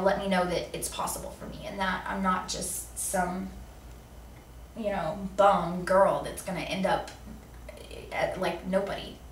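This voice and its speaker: An earnest young woman with a medium-pitched voice hosts a vlog, sharing a heartfelt personal message while sitting indoors. The mic is distant, so the audio sounds roomy and echoey with faint background noise.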